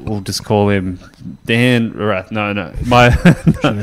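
A man's voice: on the low side, steady tone, slow. Laughing man telling a story. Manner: rambling, laughs through his stories. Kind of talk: casual chat, storytelling.

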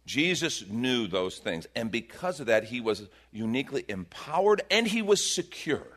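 A middle-aged man preaching a sermon in a conversational, animated way, acting out the voices of people in the story. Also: mid-range voice. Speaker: pastor.

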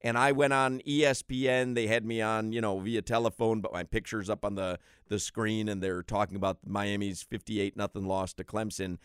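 A man's voice: fairly low pitch, level tone, normal speed, few pauses, clear, resonant tone, no echo, studio quality. A man hosting a sports radio show, bantering with his co-host and reading listener texts aloud with big swings in energy.

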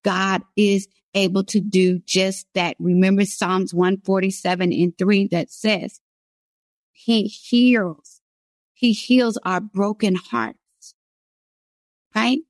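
A woman's voice: mid-range voice, steady tone, takes it slowly, no echo, studio quality. A woman giving an earnest devotional sermon, stressing key phrases by repeating them. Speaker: women's devotional speaker.

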